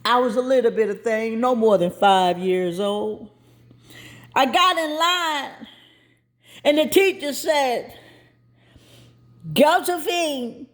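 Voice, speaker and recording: A woman's voice: a little high, slow, pauses often. A woman telling a personal story in a folksy, plain-spoken way with colloquial grammar, acting out the voices as she goes. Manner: lively, acts out voices as she tells.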